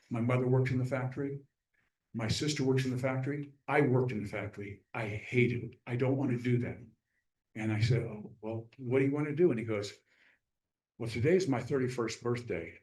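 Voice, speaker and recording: A man speaking as a guest author at a club meeting, telling a story in a lively way and acting out the people he quotes. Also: medium pitch, echoey room, poor audio. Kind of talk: casual storytelling talk.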